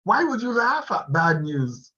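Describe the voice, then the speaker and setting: A man giving a slow, animated motivational talk to an online class on a video call, laughing often as he speaks. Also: sits high, dull audio.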